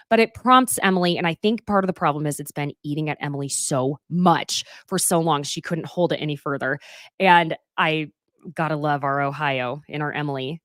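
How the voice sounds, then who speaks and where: A woman in her thirties co-hosting a casual recap chat, animated and profane, slipping into quick impressions of the people she talks about. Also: deep voice, dry recording, clean studio sound. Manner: animated, profane, mimics people with put-on voices. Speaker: podcast co-host.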